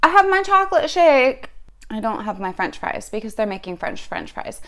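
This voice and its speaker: A woman giving a casual fan reaction, telling a story in a wry, profane, animated way. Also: a little high, moderate pace. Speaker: sports fan vlogger.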